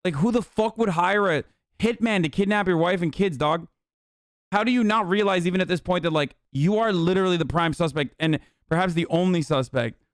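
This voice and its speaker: Speaking briskly in a high voice, a man on stream rants about a documentary he's watching, cursing and sounding openly incredulous. It's casual, animated commentary, captured at studio quality with no echo.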